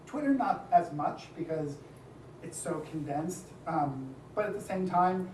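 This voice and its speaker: A man's voice: fairly high pitch, darkish tone, a little hiss or hum. A man gives a casual talk to an event audience, chatty and full of asides. His voice carries a roomy echo from the hall. The mic sits some way off, with faint ambience behind him. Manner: chatty, with frequent asides and light laughter. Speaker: speaker at a design community event. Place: event room with a live audience. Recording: echoey room, distant mic, faint ambience.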